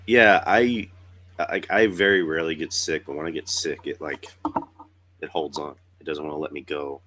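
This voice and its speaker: A man's voice: a bass voice, little pitch movement, brisk, background noise. A young man with a cold hosting a podcast in casual chat, talking in a loose, rambling way and swearing now and then. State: sick with a cold, rough voice. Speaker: podcast host.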